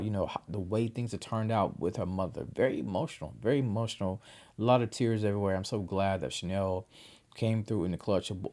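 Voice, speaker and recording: A man giving a casual, slangy, chatty recap of a TV episode as the host of his own review channel. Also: lowish voice. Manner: slangy, chatty, animated retelling. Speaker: TV show reviewer.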